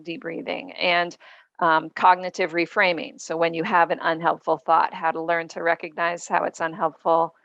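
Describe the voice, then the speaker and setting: A woman's voice: lowish voice, vocal fry, a bit bright, no echo. A woman guest author in a podcast interview, explaining earnestly with frequent ums.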